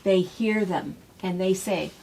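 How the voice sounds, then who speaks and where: A woman's voice: on the low side, slow, gravelly. A woman hosting a casual box-opening chat, telling stories and laughing often. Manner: chatty, storytelling, laughs often. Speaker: shop host. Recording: noisy room recording.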